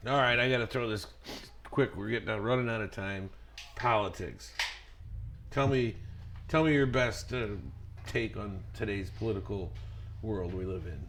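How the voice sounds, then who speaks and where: A man hosting a casual podcast interview, prodding his guest with brisk questions and laughing along. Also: on the low side, a bit bright, slight background noise. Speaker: podcast host.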